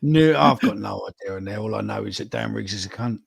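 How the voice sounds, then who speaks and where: Brief: gravelly man, podcast host, crude banter, close dry mic. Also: on the low side, a little fast, no echo. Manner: crude, joking, drops "mate" and "innit". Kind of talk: casual banter reading out names.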